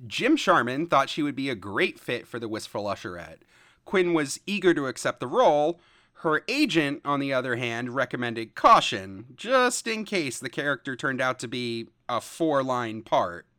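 A man hosting a podcast, narrating history in a lively storytelling way and reading out quotes. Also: mid-range voice, moderate pace, no echo, clean studio sound. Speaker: podcast host. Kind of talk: scripted narration with banter.

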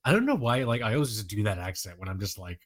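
A man's voice: on the low side, fast. Joking, profane man in podcast banter. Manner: animated, joking, profane, laughs easily. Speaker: podcast co-host. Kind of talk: casual chat.

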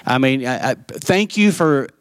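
A man's voice: medium pitch, lively intonation, measured pace, no echo. Pastor, middle-aged man, candid storytelling sermon, dry close sound. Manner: candid storytelling, acts out quoted voices.

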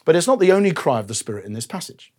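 Husky-voiced man preaching a sermon. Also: fairly high pitch, big pitch swings, very fast. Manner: warm, personal storytelling with self-deprecating asides. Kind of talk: conversational sermon.

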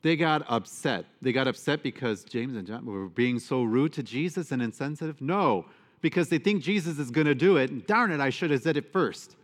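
A man's voice: medium pitch, animated, normal speed. A man, a priest, giving a conversational homily to his congregation, with fillers and asides. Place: church. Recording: long church reverb.

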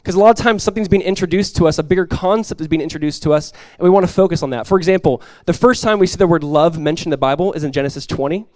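A man preaching a sermon as pastor, conversational and lively, telling stories and acting out quoted voices. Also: fairly high pitch, racing, hardly any pauses, dry recording.

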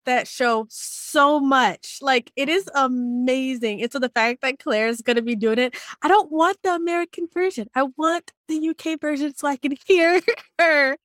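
High excitable woman co-host. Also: normal speed, no echo, studio quality. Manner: excitable, gushing. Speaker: podcast co-host. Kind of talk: interview chat.

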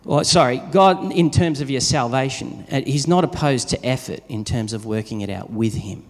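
A man's voice: medium pitch, moderate pace. A man preaching a sermon in a conversational way, telling everyday stories to his congregation. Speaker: pastor. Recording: long reverb of a large hall.

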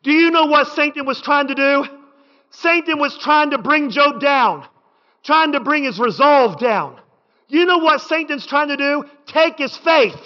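High-voiced man preaching in an echoing hall. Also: unhurried. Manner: rhythmic preaching with repetition, building to shouts. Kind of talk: sermon. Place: church sanctuary. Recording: dull sound with long hall reverb.

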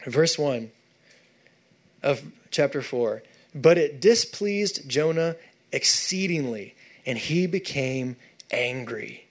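A male pastor preaching a sermon, animated and conversational, with frequent asides to the congregation. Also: mid-range voice, slow pace, pauses often.

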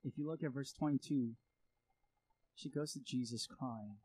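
A male pastor delivers a sermon in a warm, mellow voice with a slightly husky edge. He speaks earnestly and slips into voicing prayers and outbursts to drive his points home. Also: mid-range voice, moderate pace, long pauses, rough recording. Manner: earnest, acts out prayers and reactions with rising intensity.

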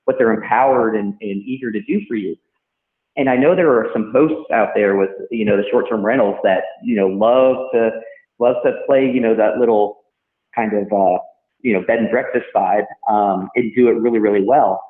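A man hosts a casual podcast chat, weighing his words and hedging with care. His voice comes through thin and phone-like, with a roomy echo around it. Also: on the low side. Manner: measured, thoughtful, hedging. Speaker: podcast host. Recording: tinny phone line in an echoey room.

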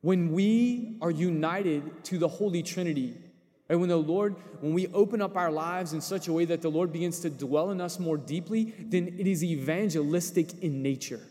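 A man's voice: a little high, moderate pace, dark tone, in a large hall. A man preaching a sermon in a conversational, storytelling way. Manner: storytelling with acted quotes, conversational.

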